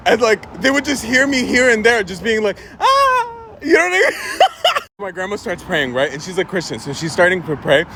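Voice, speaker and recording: A man from Egypt telling a story in a chatty, animated way, filling his speech with "like" and "right?". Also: sits high, brisk, noisy background. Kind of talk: casual storytime vlog.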